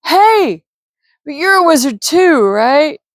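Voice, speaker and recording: Raspy drunk grieving man, as a woman reader puts him on, slurred, shouted high, dry sound. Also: animated, a little slow, dry recording. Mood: pleading grief.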